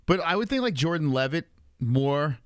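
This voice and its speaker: Animated, swearing male livestream host. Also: on the high side, moderate pace, dry recording, clean studio sound. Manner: animated, profane, laughs often. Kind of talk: casual livestream commentary.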